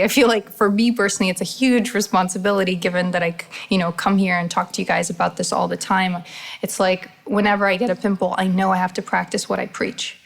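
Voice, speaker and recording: A woman's voice: mid-range voice, gravelly. A woman hosting her own podcast, talking energetically in a casual motivational monologue, swearing freely and acting out little inner voices. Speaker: podcast host.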